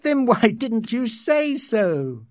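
Narrator doing a lovesick young woman: high, slow, drawn-out, impatient, storybook. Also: very animated, darkish tone, no room sound, clean studio sound.

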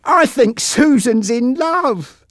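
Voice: high voice, animated, takes it slowly, a bit bright, no room sound, clean studio sound, voice pushed up, full character voice. A reader voicing a teasing young boy.

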